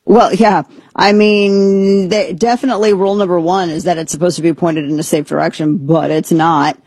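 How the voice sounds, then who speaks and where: A woman talk radio host riffing in a casual, joking way, quick to disbelief. Her voice is husky and a little breathy, recorded close and dry. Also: fairly low pitch, fairly even intonation, a little mellow, dry recording. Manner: incredulous, joking, rapid asides. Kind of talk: casual talk show banter.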